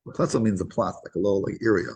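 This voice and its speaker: A man with a husky, slightly breathy voice teaches a small group in a loose, conversational way. He stumbles and restarts often. His voice lifts with energy once he gets into a story. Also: on the low side. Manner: halting, many restarts, grows animated when telling a story. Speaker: rabbi teaching a weekly class.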